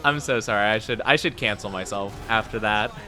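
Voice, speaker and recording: A man's voice: fairly low pitch, a little fast, pushed and bright, soft background music. A man streaming a game, chatting casually with his viewers in playful, self-deprecating banter. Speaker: gaming streamer. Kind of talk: casual live-stream chat while gaming.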